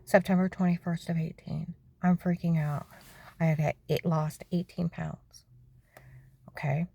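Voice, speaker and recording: Low, gravelly, husky-voiced woman. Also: little pitch movement, unhurried, mellow. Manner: keeps asking "okay?", often drops into whispers. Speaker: storyteller recounting her own experiences. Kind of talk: personal testimony monologue.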